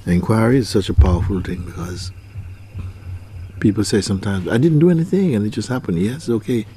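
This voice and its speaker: A man's voice: lowish voice, animated, a little fast, dark tone. A man giving a spiritual talk as a teacher, asking probing questions and often repeating his phrases. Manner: questioning, repeats phrases, acts out quoted people.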